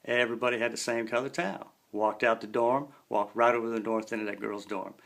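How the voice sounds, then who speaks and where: A man's voice: mid-range voice, fairly even intonation, quick pace, gravelly, a bit bright. A man in his forties telling a story in a laid-back, slangy way. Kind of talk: casual spoken storytelling.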